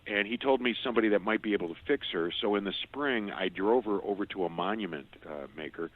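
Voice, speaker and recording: A man's voice: fairly low pitch, fast talker. A middle-aged man guest telling a personal testimony, earnest and often stumbling over repeated words. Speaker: radio show guest. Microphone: phone. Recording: tinny phone line.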